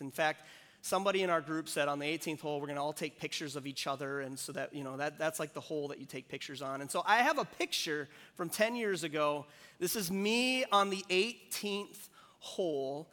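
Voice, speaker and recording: A pastor giving a sermon, telling a self-deprecating personal story in a relaxed, conversational way. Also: male voice, fairly high pitch. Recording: long hall reverb.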